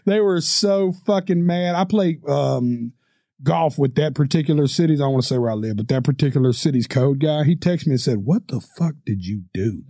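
A man's voice: on the high side, a little fast, warm tone, no echo, studio quality. A man co-hosting a podcast, rambling through a crude story with frequent laughs and swearing. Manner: profane, rambling, laughs often. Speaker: podcast co-host. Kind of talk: casual storytelling.

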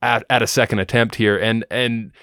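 A man's voice: fairly low pitch, normal speed, no echo, clean studio sound. Casual swearing male podcast co-host. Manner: relaxed storytelling, swearing, filler words. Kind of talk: casual chat recapping a show.

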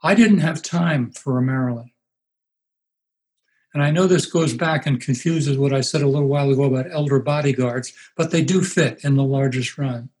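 A man in his eighties, a pastor being interviewed, telling stories in an unhurried way and acting out the voices he quotes. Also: mid-range voice, darkish tone, low-quality recording. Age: 80s. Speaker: pastor and guest. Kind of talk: reflective storytelling interview.

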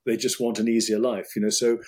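A middle-aged British man, a urologist, talking things over in an interview, thoughtful and halting, with many restarts. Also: on the low side, flat delivery, a little mellow, breathy edge. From United Kingdom. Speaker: urologist guest. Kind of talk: interview conversation.

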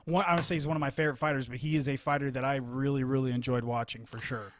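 A man co-hosting a casual sports chat, talking in animated bursts with frequent restarts. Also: mid-range voice, very fast, a little hiss or hum. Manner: animated, quotes others, many restarts.

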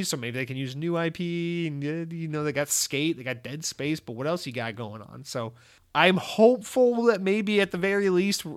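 A man's voice: fairly high pitch, clear, resonant tone. Profane, exasperated man ranting about games. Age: adult. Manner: profane, exasperated, acts out quoted exchanges. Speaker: gaming news host. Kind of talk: casual ranting commentary.

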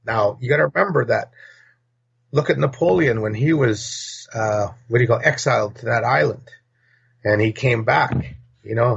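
A gravelly man from North America holds forth as a podcast guest, blunt and rambling as he jumps from point to point. His voice is rough and husky, and the lo-fi recording sounds dull. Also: medium pitch. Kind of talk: casual opinionated talk.

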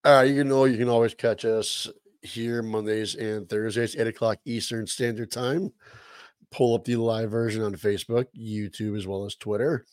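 A man's voice: fairly low pitch, fairly even intonation, moderate pace, darkish tone, no echo, clean studio sound. A man co-hosting a podcast, giving the show's outro in an upbeat, promotional way. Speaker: podcast co-host. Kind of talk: show outro announcement.

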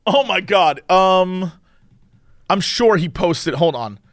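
A man's voice: high-pitched, expressive, slow pace, dry recording. A man in casual podcast chat, animatedly telling a story and acting out the quoted lines.

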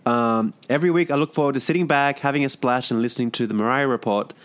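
Brief: male podcast co-host, stuffy nose, chatty, laughs easily, mid-pitched. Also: fast talker. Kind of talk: casual chat.

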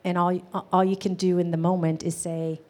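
A woman's voice: on the low side, flat delivery, moderate pace, darkish tone. A woman teaching a live class on gestalt therapy, talking casually with many "um"s and questions to the audience.

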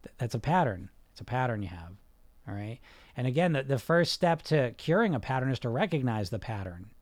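A man's voice: medium pitch, sing-song, a little fast, dry recording. A man coaching a group on weight loss, blunt and emphatic, sometimes swearing, who keeps asking rhetorical questions.

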